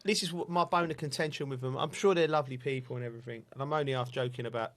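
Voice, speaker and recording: A man, a football commentator telling stories in a casual chat, laughing often and animated. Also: medium pitch, rapid-fire.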